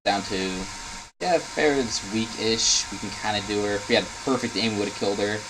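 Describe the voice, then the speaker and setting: A tired, blunt man breaking down a player's gameplay with a fairly low voice. He drills the same advice again and again and swears when he gets frustrated. Steady background noise sits under the recording. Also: brisk. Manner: blunt, instructive, repeats advice. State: tired, yawning. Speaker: game coach reviewing a player's footage. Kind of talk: coaching commentary over gameplay.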